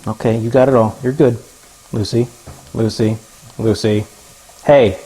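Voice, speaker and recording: In his home kitchen, a man cooks on a casual livestream, talking goofily to his viewers and his pets over the sizzle of food in a pan. He speaks in a medium-pitched, steady, mellow voice that's slightly rough, at an unhurried pace.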